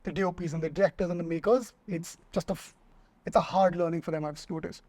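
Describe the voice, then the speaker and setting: High-voiced man with an Indian accent. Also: fast talker, dry recording. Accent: Indian English. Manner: animated storytelling, acting out quotes, laughs often. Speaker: screenwriter guest. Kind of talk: casual interview chat.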